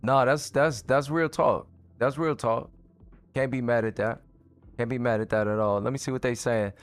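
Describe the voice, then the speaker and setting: A relaxed man hosts a live gaming chat, tossing out slang and reading viewer comments. His voice is smooth and clear at a mid pitch. Faint music sits underneath. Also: moderate pace. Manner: laid-back, slangy, chuckles often. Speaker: host.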